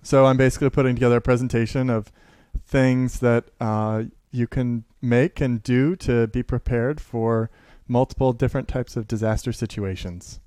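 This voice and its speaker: A man from the Seattle area, speaking as an interview guest, tells stories with a lot of energy and often laughs. His pitch sits in the usual middle range for a man. The recording is dry and close, with almost no room sound. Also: moderate pace, few pauses, clean tone, no room sound. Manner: animated storyteller, laughs often, acts out quotes. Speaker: teacher and maker, interview guest. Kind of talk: casual conversational interview.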